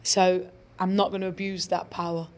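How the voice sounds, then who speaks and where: Woman telling stories, lively. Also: fairly low pitch, moderate pace. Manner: animated storyteller, acts out quoted people. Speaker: professional footballer, guest. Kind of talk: casual interview chat.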